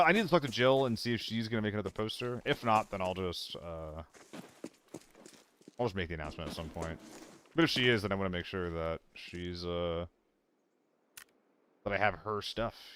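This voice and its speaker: A man's voice: fairly low pitch, fairly bright tone, a little hiss or hum. A man streaming a shooter game, chatting casually and mocking himself while he loots and talks to his chat. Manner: rambling, self-mocking banter with chat. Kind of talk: casual gameplay commentary.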